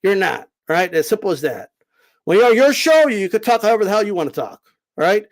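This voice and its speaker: Host, male, very high voice, emphatic and lecturing, raises his voice and drives each point home by repeating it. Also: big pitch swings, brisk, low-quality recording. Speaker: boxing commentator host. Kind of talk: live-stream commentary answering chat.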